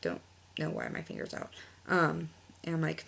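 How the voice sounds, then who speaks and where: A woman's voice: sits low, sing-song, moderate pace, vocal fry, a bit bright, a little hiss or hum. A young woman telling a personal story in a casual vlog, rambling and correcting herself often. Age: young adult. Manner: rambling, self-correcting, frequent fillers. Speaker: vlogger.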